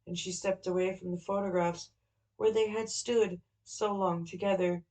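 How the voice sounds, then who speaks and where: A woman narrating a classic novel in a steady, even storytelling manner. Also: medium pitch, normal speed, low-quality recording. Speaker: audiobook narrator.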